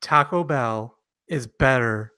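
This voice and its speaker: Male podcast co-host, bright slightly high voice, animated storyteller, dry close mic. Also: takes it slowly, smooth, no echo. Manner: animated storyteller, acts out quotes loudly. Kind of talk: casual chat.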